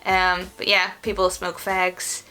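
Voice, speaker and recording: A young Northern Irish woman chatting quickly as a vlogger in her bedroom, full of fillers. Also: fairly low pitch, completely flat delivery, sharp tone. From Northern Ireland. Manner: chatty, rapid, lots of fillers. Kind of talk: casual explainer vlog.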